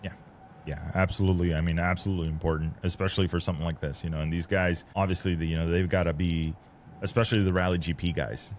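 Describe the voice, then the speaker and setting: A man's voice: sits low, little pitch movement, fast, slight background noise. A man hosting a podcast, chatting casually and thinking aloud as he goes. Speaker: podcast host. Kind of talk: casual conversation.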